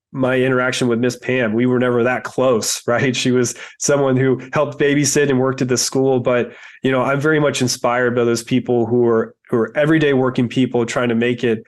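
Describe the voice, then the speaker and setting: A man who invests in real estate, speaking as a podcast guest in an earnest, reflective way with many fillers. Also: medium pitch. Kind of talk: interview podcast.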